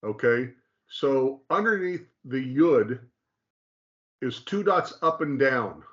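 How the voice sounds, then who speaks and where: A man's voice: mid-range voice, lively intonation, slow pace, a bit bright, muffled recording. A man teaching in a conversational way, emphatic and repetitive, often checking in with "okay?". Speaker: teacher explaining Hebrew.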